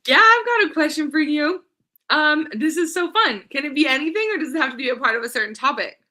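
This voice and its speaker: Upbeat woman podcast guest, bright and high voice, eager and chatty. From Southern California. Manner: upbeat, eager, talks quickly when giving contact details. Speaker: podcast guest, nonprofit founder. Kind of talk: casual interview chat.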